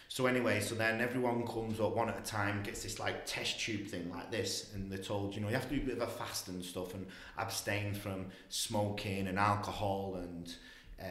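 A man, telling a long story with loose, animated energy. His voice sits a little low, and the room gives it a roomy echo. He talks in a casual, meandering way, full of asides. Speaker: guest.

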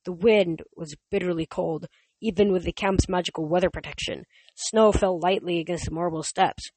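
A reader narrating a story in first person, steady, with small slips and restarts. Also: mid-range voice, normal speed, slightly rough, no room sound, rough recording. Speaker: audiobook reader.

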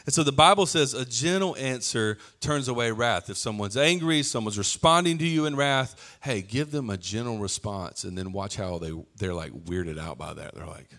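A man preaching a sermon in a relaxed, conversational way, slipping into playful acted-out asides. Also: medium pitch.

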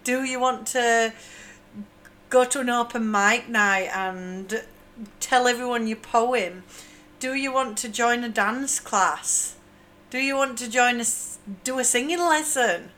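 A woman hosting her own podcast, chatting casually, excitable and poking fun at herself. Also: fairly high pitch, slow. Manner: chatty, excitable, self-mocking. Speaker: podcast host. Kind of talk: casual solo podcast chat.

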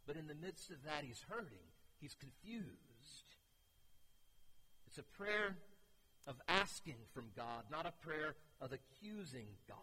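A man's voice: on the high side, pushed and bright, slightly rough. A young man preaching a sermon as pastor, earnest and building to emphatic pleas. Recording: hall reverb, faint ambience.

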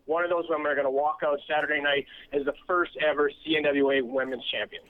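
A man promoting a wrestling event in an upbeat, announcer-like pitch. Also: fairly even intonation, fast. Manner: hyped, announcer-like. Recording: tinny phone-line clip.

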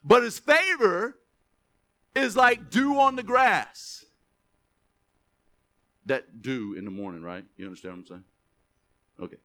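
Animated high-pitched male preacher. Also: a little slow, pauses often. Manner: animated, stretches scripture words for emphasis, drops to asides. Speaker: pastor. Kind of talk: sermon.

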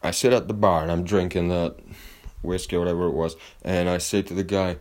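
A man's voice: sits low, fairly even intonation, fast, darkish tone. A man telling a rambling story in a casual monologue, swearing constantly and restarting his sentences. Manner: rambling and heavily profane, with frequent restarts.

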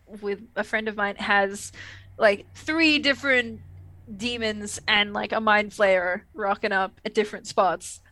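A talkative woman co-hosting a laid-back podcast, her speech full of fillers and loose tangents. She sounds close and dry, with no room around her voice. Her pitch sits in the ordinary middle range for a woman. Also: sharp tone, no room sound. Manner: chatty, rambling, with frequent "like" fillers and laughs. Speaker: podcast co-host. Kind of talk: casual chat.

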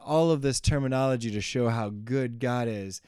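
A man's voice: medium pitch, moderate pace, a little mellow, smooth, no echo, clean studio sound. A man co-hosting a podcast, mostly giving short replies, then musing thoughtfully on scripture. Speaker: podcast co-host. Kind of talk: casual Bible study chat.

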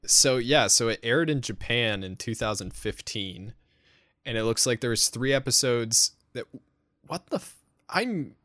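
A man's voice: medium pitch, lively intonation, unhurried, bright, forceful tone, no echo, studio quality. A young man co-hosting a casual podcast, laughing often and teasing his co-host.

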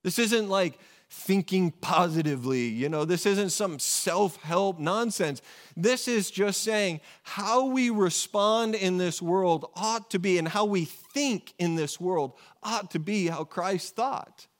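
A man's voice: sits high, slow. A man preaching a sermon in a conversational way, often asking rhetorical questions and correcting himself. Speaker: pastor.

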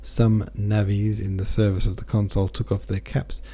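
Gravelly, dark-voiced man reading aloud. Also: fairly low pitch, level tone, moderate pace. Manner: plain reading with small stumbles, casual sign-off. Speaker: podcast host and audiobook reader.

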